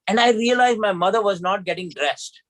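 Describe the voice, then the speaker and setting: A man's voice: sits high, a little fast, a bit bright, no echo, rough recording. A man telling a personal story emphatically as a trainer in an online session.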